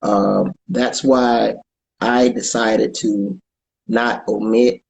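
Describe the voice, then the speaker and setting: A man's voice: fairly low pitch, flat delivery, vocal fry, low-quality recording. A man, a comedian and podcast co-host chatting casually in an interview, often stumbling and repeating words. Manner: halting, repeats words, plugs his show.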